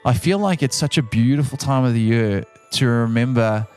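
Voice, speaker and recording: A South African man co-hosts a casual podcast at an ordinary middle pitch. He speaks earnestly, often repeats himself, and gets worked up when he insists on a point, with soft music playing faintly behind him. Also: moderate pace, clear, resonant tone. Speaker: podcast co-host.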